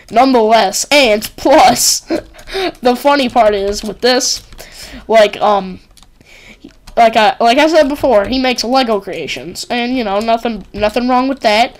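A woman hosting a casual game commentary, rambling and giggling with lots of "like" and "um". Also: a little high. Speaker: gaming channel host. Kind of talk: casual let's-play commentary.

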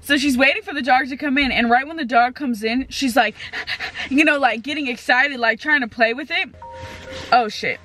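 A woman's voice: sits high, moderate pace, bright, forceful tone, faint music behind. A woman in her twenties chatting casually as a vlogger, full of fillers and swearing freely, talking into a handheld camera. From California. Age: 20s. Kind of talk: casual vlog chat.

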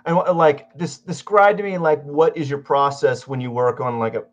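A man's voice: on the high side, fairly even intonation, normal speed. A man hosting an artist interview, playful and jokey, often stammering and restarting his questions. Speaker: interview host and art teacher. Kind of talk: casual interview. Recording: dull lo-fi audio.

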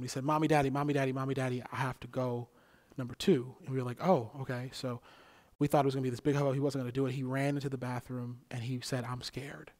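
A young man preaching a sermon as pastor, with a repetitive cadence that swings between loud exhortation and near-whispers. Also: medium pitch.

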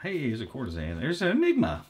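A man's voice: mid-range voice, huge pitch swings, quick pace. A man co-hosting a podcast, casually and crudely bantering while he opens trading card packs and mangles the card names on purpose. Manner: profane, mock-mispronounces card names. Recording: audible background noise, crinkling packs. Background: crinkling card wrappers.

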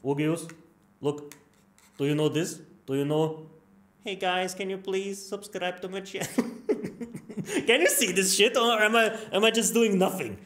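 A man's voice: sits high, measured pace, pauses often, fairly bright tone. A male streamer reacting to a horror game, crude and panicky, swearing and yelping at every scare.

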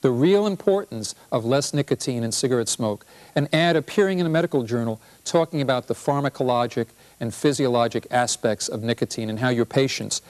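A man's voice: medium pitch, darkish tone. A middle-aged man, a physician, giving a lecture-style talk on a health show, wry and storytelling, with rhetorical questions.

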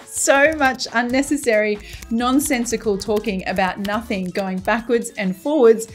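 A woman's voice: on the high side, unhurried, faint music behind. A middle-aged woman hosting a cooking channel, reading comments aloud in a playful, giggly way with frequent laughter.

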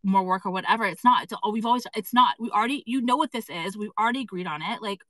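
Bright-voiced, exasperated woman ranting on a live stream. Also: on the high side, lively intonation, quick pace, no room sound, low-quality recording. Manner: rambling and exasperated, heavy swearing and fillers. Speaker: fashion brand owner livestreaming to followers. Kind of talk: casual live-stream chat. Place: indoors at an appointment.

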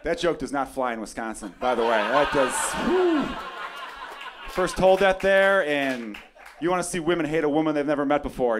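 A man from Chicago doing a stand-up comedy set on a club stage, brash and profane, talking straight to the crowd. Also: medium pitch. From Chicago area. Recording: live club recording with crowd laughter. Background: audience laughter.

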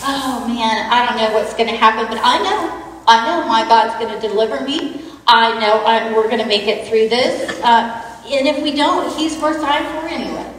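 A woman playing Meshach, awed and excited. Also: a little high, normal speed, very echoey, in a large hall, recorded from a distance, slight background noise, lightly acted, rough recording. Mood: worried. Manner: excited, wondering, talks to God aloud. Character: Meshach, young man in the furnace, eager and awed. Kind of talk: dramatic monologue in a sermon.

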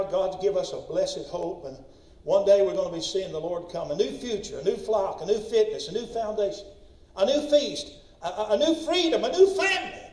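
A man preaching a sermon as pastor, impassioned and rising to shouts when he tells a story. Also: high-pitched. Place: church sanctuary. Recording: echoey church from far off.

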